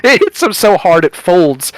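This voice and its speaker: A middle-aged man co-hosting a chat show, telling an animated story, acting out quotes and swearing casually. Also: high-pitched, normal speed, no room sound, low-quality recording. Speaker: podcast co-host.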